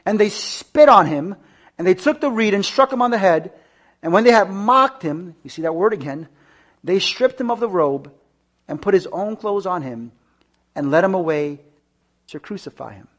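High-voiced man preaching a sermon. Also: animated, normal speed, fairly bright tone. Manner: repeats key words for emphasis and questions the listeners; frequent stammered restarts. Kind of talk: sermon with scripture reading.

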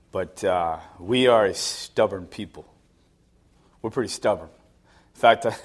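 A middle-aged man preaching a sermon, telling stories with self-mocking laughs, dropping to low mutters and rising to loud, high exclamations. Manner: laughs at himself between lines. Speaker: pastor.

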